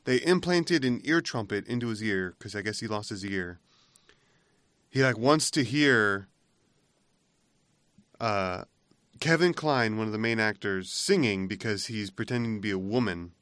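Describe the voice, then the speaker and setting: A man's voice: on the low side, unhurried, long pauses, a bit bright, no echo. A man co-hosting a podcast, chatting casually and rambling as he laughs through his retelling. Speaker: podcast co-host. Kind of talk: casual chat.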